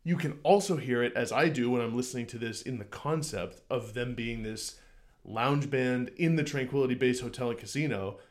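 A man co-hosting a music podcast in casual chat, excited and rambling, stumbling over his words and swearing casually. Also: mid-range voice, moderate pace. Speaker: podcast co-host.

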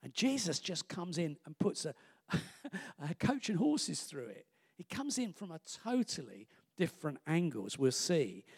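A man preaching a sermon and reading scripture aloud, emphatic and animated, with chatty asides. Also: fairly high pitch, a little slow, creaky, slightly rough, long reverb tail.

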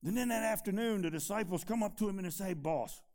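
A preacher man who delivers a sermon, swinging between loud emphatic stretches and quiet, low asides. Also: fast talker.

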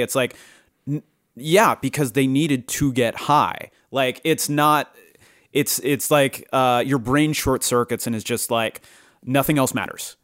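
A man's voice: mid-range voice, a bit bright, no room sound. Give me a frank, emphatic man as a podcast guest, recorded dry and close. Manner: frank, emphatic, quick bursts. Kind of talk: candid conversational chat.

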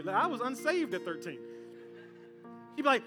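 A male pastor preaching a sermon from a church stage, animated and conversational, with comic bits. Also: very high-pitched, fast talker, pauses often. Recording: long hall reverb, faint music.

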